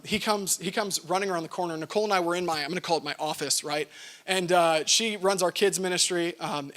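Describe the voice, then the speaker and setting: A man's voice: sits high, fairly bright tone. A man, preaching a sermon in a conversational storytelling manner with frequent asides. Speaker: pastor.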